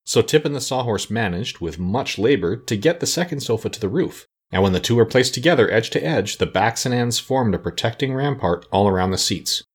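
A man narrating a storybook aloud, expressive and changing his voice for each character. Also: medium pitch, fairly quick, few pauses, slightly rough. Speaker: audiobook narrator. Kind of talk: storybook reading.

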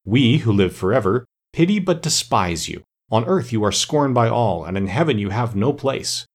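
A man's voice: lowish voice, animated, normal speed. Ak, a man doing a stern immortal woodsman. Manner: grave, commanding. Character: stern ancient male immortal master woodsman.

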